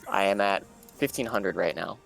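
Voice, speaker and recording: Deep gravelly man, bright raspy tone. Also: normal speed, soft background music. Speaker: player in a raid group. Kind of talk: casual voice chat while gaming.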